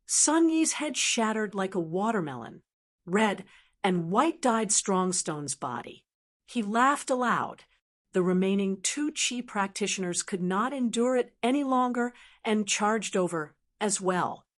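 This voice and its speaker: A woman narrates a fantasy novel in a steady, even reading voice. Her pitch sits in the middle, with a plain scripted delivery. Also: takes it slowly.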